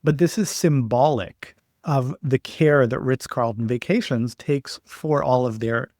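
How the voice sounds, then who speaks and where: A man as a podcast guest, explaining his ideas in a steady way with stories and examples. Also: mid-range voice, unhurried, no echo, clean studio sound. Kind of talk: explanatory interview talk.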